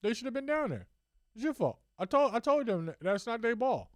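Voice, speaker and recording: A man putting on the voice of an indignant male team owner yelling at referees, loud and exasperated. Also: very high voice, big pitch swings, brisk, no room sound, studio quality, voice pushed up.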